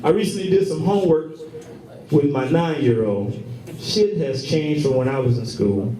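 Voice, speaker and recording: A man in his thirties doing a profane, animated stand-up set, acting out the people in his stories. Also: on the high side, moderate pace. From Michigan, US. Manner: profane, animated storytelling with acted-out quotes. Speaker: stand-up comedian. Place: comedy club stage with laughing audience. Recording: roomy club recording from far off, crowd laughter.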